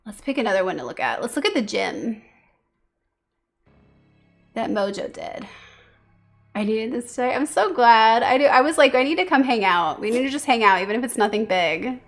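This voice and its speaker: A woman streaming casually, chatting with viewers and cooing softly to her pet between thoughts. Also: on the high side, lively intonation, moderate pace, long pauses, faint music behind. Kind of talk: casual livestream chat.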